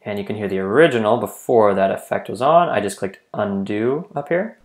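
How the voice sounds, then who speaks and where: A man teaching a software tutorial in a studio, explaining in a relaxed, friendly way with small fillers. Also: fairly low pitch, brisk. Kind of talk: tutorial demonstration. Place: recording studio. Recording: echoey room with faint music.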